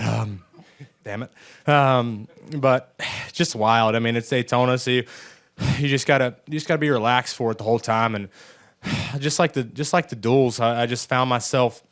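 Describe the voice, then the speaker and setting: Emotional young man sighing through answers. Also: mid-range voice. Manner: emotional, halting, with frequent sighs. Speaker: race car driver. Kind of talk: press conference answers. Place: post-race press room.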